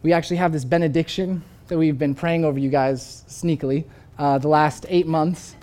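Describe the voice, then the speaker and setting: A man's voice: fairly high pitch, fairly even intonation, normal speed, darkish tone. A man preaching a sermon as a pastor, telling a story earnestly before closing with a prayer.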